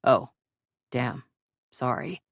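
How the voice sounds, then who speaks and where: A woman voicing a rough, sheepish young male hockey player who is hungover, his voice low and rasping in an audiobook. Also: very slow, no room sound, studio quality, exaggerated voice. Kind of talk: audiobook character reading.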